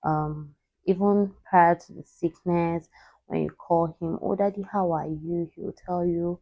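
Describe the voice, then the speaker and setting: A young woman vlogger telling a personal story in a halting voice, holding back tears. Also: lowish voice, gravelly, warm tone, no echo.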